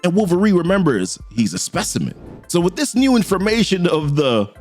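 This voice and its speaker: A man's voice: high-pitched, very animated, fairly quick, darkish tone, faint music behind. A man casually recapping a comic issue, retelling the panels in slangy quoted voices. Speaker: comic book reviewer.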